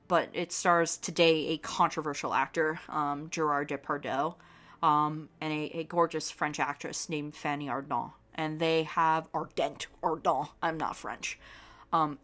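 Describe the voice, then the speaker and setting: A young woman with a deep, low-pitched voice talks casually on her podcast, rambling with enthusiasm. She keeps circling back with ums and half-started sentences. Soft music sits faintly in the background. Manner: enthusiastic, rambling with many fillers and restarts. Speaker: podcast host. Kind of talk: casual rambling film talk.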